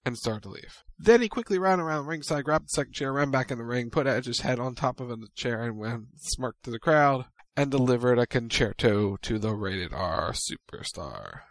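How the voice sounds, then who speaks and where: A man co-hosting a casual chat, recapping events in brisk storytelling and playing out quotes. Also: medium pitch, animated, dry recording. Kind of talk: casual recap of a wrestling show.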